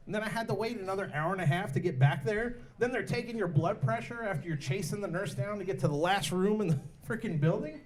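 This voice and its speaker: A man performing a stand-up comedy set at a bar, telling stories and jumping into voices for the people in them. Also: fast talker. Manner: animated, jumps into high-pitched voices for other characters. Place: bar and grill comedy night.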